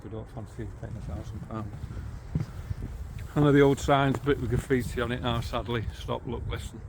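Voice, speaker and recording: A man's voice: mid-range voice, fairly even intonation, normal speed, background noise. A middle-aged man with a St Helens accent, chatting casually as he walks outdoors along canals and old railway lines, filming on a handheld camera. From St Helens, England. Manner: chatty, easygoing, cheerful about local sights. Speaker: vlogger guiding a railway walk. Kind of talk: casual walking-tour narration. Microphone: handheld camera while walking.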